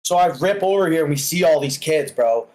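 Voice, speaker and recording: A young man joins the stream and rambles through his own story with lots of swearing. His voice sits a little high. He sounds laid-back and casual. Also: animated, fairly quick, a little mellow, rough recording. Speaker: stream guest.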